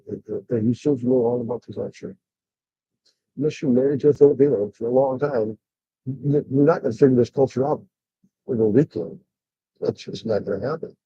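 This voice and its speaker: Rambling older man, dark muffled voice. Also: medium pitch, slightly rough, no echo. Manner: rambling, frequent fillers and restarts, blunt. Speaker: vlogger. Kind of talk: rambling livestream chat. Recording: dull lo-fi sound.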